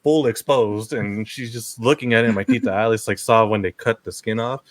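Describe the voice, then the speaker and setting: A man co-hosting a podcast, telling a story in an animated way and jumping high in pitch for quoted lines. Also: fairly quick, dry recording. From Filipino family. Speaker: podcast co-host. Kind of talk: casual podcast chat.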